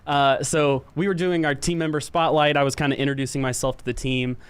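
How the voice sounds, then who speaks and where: A man on staff filling in as co-host, chatting casually in a measured, agreeable way with some hesitant fillers. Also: medium pitch, steady tone, smooth. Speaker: staff member and guest co-host. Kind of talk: casual chat.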